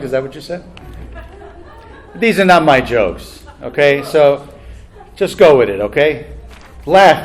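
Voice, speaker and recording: At a banquet hall, a man with a mid-range voice acts as master of ceremonies. He tells jokes in a chatty, self-deprecating manner and laughs at his own punchlines.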